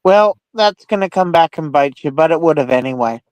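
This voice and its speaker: A man in a casual chat who speaks haltingly and stumbles over his words. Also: on the high side, expressive, darkish tone, no echo, muffled recording. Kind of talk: casual banter.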